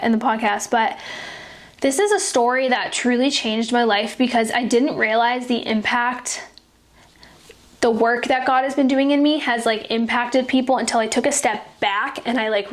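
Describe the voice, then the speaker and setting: Earnest young woman, higher voice. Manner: chatty, filler-heavy, frequent 'like'; earnest and heartfelt. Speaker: podcast host. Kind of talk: casual faith-based storytelling.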